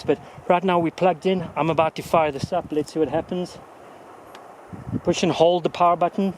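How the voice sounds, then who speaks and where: A man's voice: fairly high pitch, slight background noise. A man vlogging outdoors on a mountainside, casually reviewing gear in a folksy, joking, chatty way.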